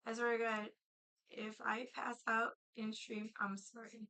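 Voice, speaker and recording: A woman's voice: on the high side, completely flat delivery, unhurried, bright, forceful tone, poor audio. A young adult woman chatting casually on a livestream, blunt and impatient, swearing freely as she talks to her viewers.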